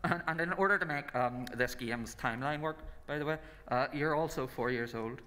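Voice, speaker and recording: A man's voice: medium pitch, normal speed, sharp tone, a little hiss or hum, lightly acted. A man playing a joking Northern Irish schemer. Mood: breezy. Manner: playful, rambling, mock-conspiratorial. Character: scheming male rebel leader, jokey. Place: stage at a live convention. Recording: echoey hall at a live event.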